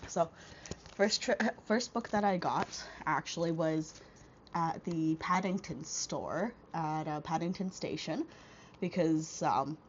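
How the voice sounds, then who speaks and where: A young woman with a cold talks in a stuffy, congested voice during a casual book haul vlog, rambling with many fillers and restarts. Her voice sits low and slow, and the small wireless clip-on mic gives a muffled recording with slight background noise.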